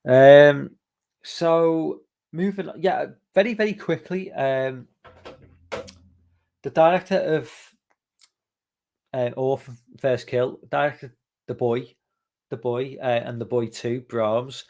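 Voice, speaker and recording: A man's voice: mid-range voice, slow, gravelly, long pauses, a little mellow. A male podcast host rambling casually on a live stream, reading viewer comments aloud and swearing freely. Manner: rambling, loose, swears freely, many fillers.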